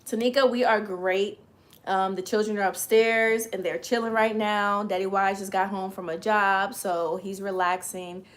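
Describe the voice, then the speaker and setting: A woman in her thirties hosts a relaxed livestream, talking straight to her viewers and thanking them one by one. Her voice comes out slightly raspy and strained, with a lilt and easy laughs between the chatter. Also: mid-range voice, moderate pace. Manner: chatty, greets viewers by name, laughs often. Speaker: livestream host. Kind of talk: casual livestream chat with viewers.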